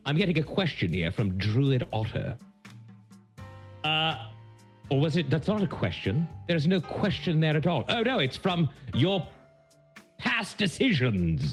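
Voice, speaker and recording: A man's voice: mid-range voice, exaggerated voice. A man playing a pompous, absent-minded old lord who hosts the intermission, talking grandly and rambling. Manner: grandiose, rambling, theatrical swoops. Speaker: intermission host. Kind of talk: in-character stream host segment.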